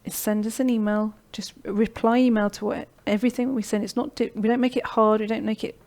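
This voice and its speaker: A middle-aged woman hosts a live online session and talks viewers through her program. Her voice is mellow and warm, and she keeps it encouraging. She checks in with a steady "okay?" as she goes. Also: a little high, fairly quick. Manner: encouraging, repeats "okay?" often. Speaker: online course host. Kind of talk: live-streamed sales pitch and Q&A.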